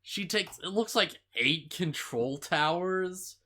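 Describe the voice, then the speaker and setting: This podcast co-host has a high, expressive, bright voice with a forceful tone, and he speaks slowly. On a casual show, he rambles through anime episode recaps, packing in "like" fillers and laughter.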